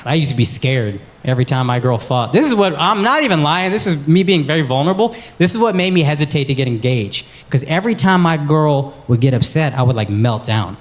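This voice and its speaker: A man in his thirties doing stand-up comedy and crowd work, loud and animated, shouting his punchlines in put-on voices. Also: a little high, fairly quick, hardly any pauses. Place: comedy club stage before a laughing crowd. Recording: roomy live club sound with loud crowd noise.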